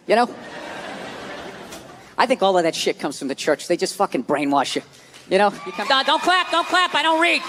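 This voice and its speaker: A man doing stand-up comedy, ranting loudly with lots of swearing and mock voices. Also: high voice. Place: theater stage with live audience. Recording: live audience laughter and stage noise.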